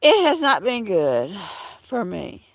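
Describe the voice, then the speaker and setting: A middle-aged woman talks casually to her livestream viewers from home, wandering from story to story with frequent restarts. Her voice has a gravelly fry to it, and the sound is close and dry with no room echo. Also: mid-range voice, huge pitch swings, takes it slowly. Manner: rambling, chatty storytelling with many restarts. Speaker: livestream host.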